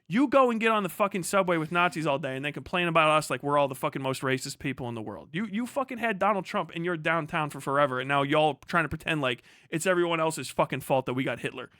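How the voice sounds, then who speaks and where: A man's voice: sits high, sharp tone, no echo, studio quality. A man hosting a livestream, delivering an angry, profane political rant full of repetition. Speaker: livestream host.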